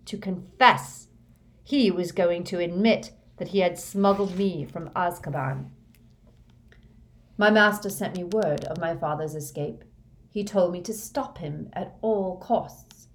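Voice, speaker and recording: A woman reading a fanatical young male dark wizard's confession in a flat, hushed monotone. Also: on the low side, natural voice.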